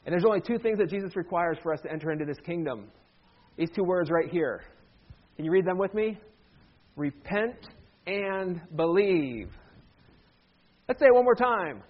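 A man's voice: high-pitched, animated, fast talker, dull audio. A man preaching a sermon as pastor in a church, conversational with joking asides.

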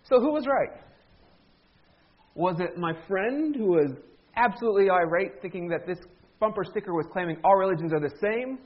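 A man's voice: high-pitched, expressive, normal speed, dull audio. A middle-aged man preaching a humorous sermon in a church, telling stories with a joking, self-deprecating manner. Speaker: pastor. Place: church sanctuary.

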